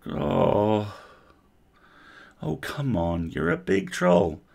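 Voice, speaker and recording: Storybook part: man doing a kind male elf healer, low gravelly voice, coaxing and gentle. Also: lively intonation, normal speed. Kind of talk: storybook character reading.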